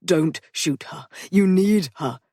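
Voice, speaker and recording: A woman's voice: lowish voice, slow pace, dark tone, no echo, clean studio sound. A woman voicing an earnest, protective young man pleading urgently.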